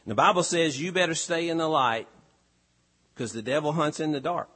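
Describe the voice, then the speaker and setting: A man preaching a sermon to his congregation, his voice sitting a little higher than most men's. He delivers it earnestly and with emphasis, rising on key phrases and dropping low on others. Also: moderate pace, bright, forceful tone, slightly rough. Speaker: pastor.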